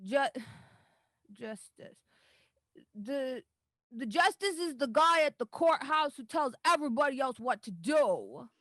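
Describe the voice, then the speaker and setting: A woman voicing a sulky young girl who has lost her magic, whiny and halting, in a tabletop game. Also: sits high, animated, a bit bright, no room sound, pitched above the performer's own voice, heavily acted. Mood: unsure.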